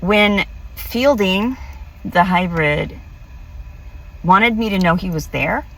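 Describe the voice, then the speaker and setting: A woman's voice: medium pitch, animated, takes it slowly, recorded from a distance, low-quality recording. A woman vlogger casually telling a personal story, rambling with many fillers and restarts. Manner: rambling, filler-heavy, self-interrupting.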